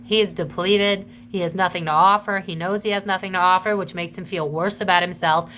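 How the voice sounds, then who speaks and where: A woman's voice: lowish voice, fairly even intonation, fairly quick, a bit bright, slight background noise. Chatty woman giving a tarot reading. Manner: chatty, emotional, swears freely. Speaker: psychic tarot reader. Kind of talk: casual tarot reading to camera.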